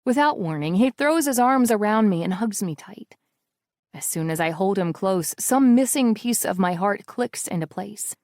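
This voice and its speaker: A woman's voice: medium pitch, animated, moderate pace, darkish tone, dry recording, clean studio sound. A woman narrating a first-person romance audiobook in an intimate, emotional reading style.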